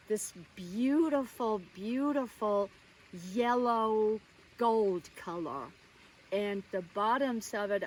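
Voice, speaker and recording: A woman telling a personal childhood story in a wistful, animated way. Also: mid-range voice. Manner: wistful, animated, laughs as she recalls. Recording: distant mic, faint ambient noise.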